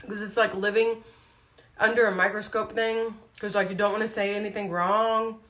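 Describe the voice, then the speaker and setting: A woman's voice: mid-range voice, little pitch movement, moderate pace, pushed and bright. A woman talking casually on a livestream, blunt and chatty, chewing food as she speaks. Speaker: vlogger.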